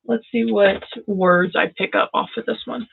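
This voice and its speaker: A woman gives tarot readings to viewers on a live stream, often bursting with excitement and speaking to each person by name. Her voice has a gravelly fry. The sound comes through thin and tinny, like a phone line. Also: mid-range voice, normal speed, a little hiss or hum. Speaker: tarot reader.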